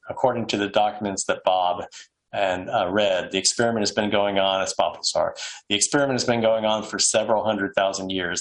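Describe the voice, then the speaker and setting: Man, lowish voice, casual reader of quoted accounts, lots of ums and restarts. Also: fairly bright tone, rough recording. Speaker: presenter reading case accounts. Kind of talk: casual reading aloud from books.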